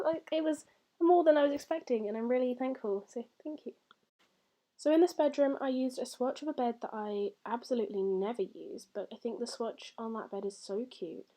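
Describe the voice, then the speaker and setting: A woman's voice: medium pitch, mellow. A young woman rambling through a casual voice-over, a little out of breath, with many fillers. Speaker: gaming YouTuber.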